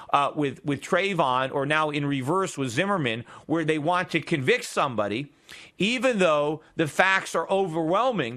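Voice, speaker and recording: A man's voice: a little high, pushed and bright. A man hosting a radio talk show, delivering an argumentative, emphatic political monologue with frequent restarts and filler.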